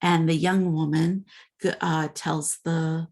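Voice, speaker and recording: Low-voiced woman lecturing casually. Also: little pitch movement, slow pace, a little mellow. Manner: conversational, with frequent fillers. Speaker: instructor. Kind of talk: informal recorded lecture.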